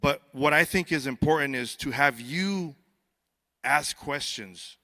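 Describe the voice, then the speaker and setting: Bright-voiced man giving a joking speech. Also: a little high, unhurried. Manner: conversational and joking, repeats words when starting sentences. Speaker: border patrol agent speaking at a youth summit. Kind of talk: conference speech. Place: event stage before a live audience.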